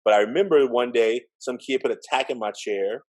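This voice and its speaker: A middle-aged man telling his life story in a relaxed interview, acting out the voices of the people he quotes. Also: mid-range voice, a little fast, a little hiss or hum, poor audio. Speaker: interview guest, educator. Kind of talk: storytelling in conversation.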